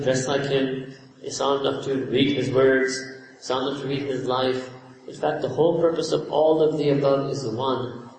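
A man giving a storytelling sermon, animated, with rhetorical questions to his listeners. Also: medium pitch. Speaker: religious teacher. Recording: echoey hall, distant mic, background noise.

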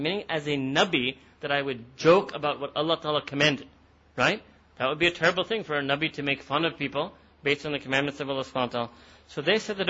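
A man's voice: a little high, fast, fairly bright tone, highs cut off. A man teaching a Quran lesson, retelling a story and repeating phrases for emphasis, with Arabic and Urdu words mixed in. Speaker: Islamic teacher.

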